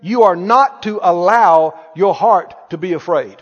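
High-voiced preacher in an echoing hall. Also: male voice, measured pace. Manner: emphatic, call-and-response leading. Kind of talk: sermon. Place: church sanctuary. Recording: dull recording in a reverberant hall.

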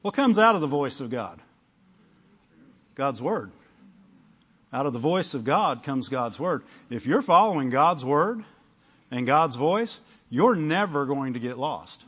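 A man's voice: mid-range voice, sing-song, a little slow, long pauses, fairly bright tone, slightly rough, highs cut off. A male pastor preaching a conversational sermon, often asking the congregation "amen?" and "right?".

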